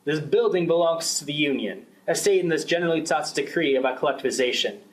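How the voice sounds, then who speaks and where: A man's voice: fast talker, low-quality recording. Young man acting out a radio play. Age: young adult. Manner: plays several parts, shifting pitch between characters. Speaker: student performing a class drama.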